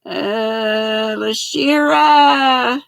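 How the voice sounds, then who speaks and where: A woman's voice: fairly high pitch, drawn-out words, vocal fry, a bit bright, no echo. An older woman, hosting a casual livestream and greeting viewers by name as she reads the chat aloud. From United States. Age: 60s. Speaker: livestream host.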